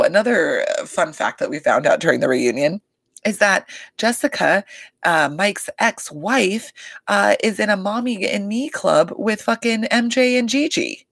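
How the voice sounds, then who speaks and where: A woman's voice: medium pitch, creaky, no echo. A woman hosting a casual podcast chat, gossiping with lots of swearing and "like.". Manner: gossipy, profane, animated, lots of "like" and "you guys". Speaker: podcast host recapping a reality show. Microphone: desk microphone.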